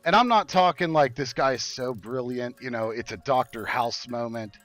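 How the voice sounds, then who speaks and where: A man streaming a game and ranting hard, swearing and indignant, his voice often dropping low and then rising in bursts. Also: normal speed, a bit bright, faint music behind. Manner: heated, profane, indignant. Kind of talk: angry rant while gaming.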